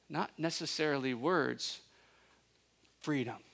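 A man preaching a sermon, asking his listeners questions and building to emphatic peaks, with relaxed conversational asides. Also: medium pitch, a little slow. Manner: conversational asides, self-correcting. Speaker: pastor.

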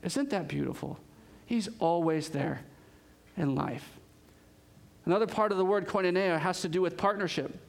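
A man preaching a sermon as pastor, telling stories in an animated way with laughs and quick asides. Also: high-pitched, vocal fry.

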